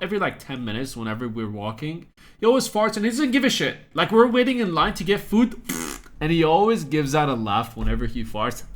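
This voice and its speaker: A young man talks through the news in a relaxed, conversational commentary. He jokes crudely and speaks at an average pitch. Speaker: commentary YouTuber. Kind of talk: casual commentary vlog.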